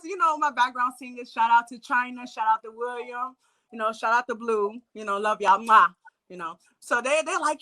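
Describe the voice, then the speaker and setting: Young d.c. woman, high bright voice, swears a lot, does all the voices in her story. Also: moderate pace. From Washington, D.C. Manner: animated, acts out voices, laughs, swears freely. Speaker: singer and guest. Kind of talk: casual storytelling.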